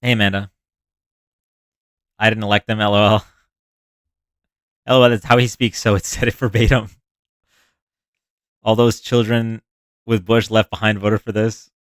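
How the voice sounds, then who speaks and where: A man's voice: fairly low pitch, little pitch movement, normal speed, pauses often, no echo. Sarcastic man reading news on a stream. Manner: sarcastic, reads quotes then mocks them. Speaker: livestream host reading news. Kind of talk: casual commentary reading news aloud.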